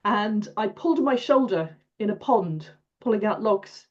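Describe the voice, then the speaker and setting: A woman's voice: mid-range voice, animated, a little slow, muffled recording. An older woman telling her own story over a video call, chatty, repeating herself and laughing often. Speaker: participant. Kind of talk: casual storytelling.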